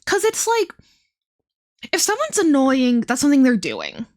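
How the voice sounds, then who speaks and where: A young woman in her twenties livestreaming, her voice pitched a little high. She barely opens her mouth to protect sore, blistered lips, which muffles her words a touch. She rambles chattily, with plenty of fillers and side remarks. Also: wildly swooping pitch, a little slow. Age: 20s. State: sore blistered lips, talking with mouth held nearly closed. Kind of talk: casual chat stream.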